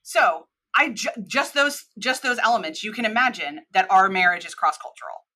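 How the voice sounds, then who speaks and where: Bright-voiced American woman explaining at length. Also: medium pitch, normal speed. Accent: mid-Atlantic American. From United States. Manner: animated, expansive explainer. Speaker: podcast guest, cross-cultural expert. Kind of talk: conversational interview.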